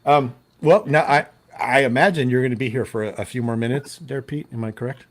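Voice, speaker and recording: A man's voice: medium pitch, brisk, a little hiss or hum. A man hosting a live stream over a video call, joking and laughing at his own teasing. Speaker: stream host. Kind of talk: casual live-stream chat.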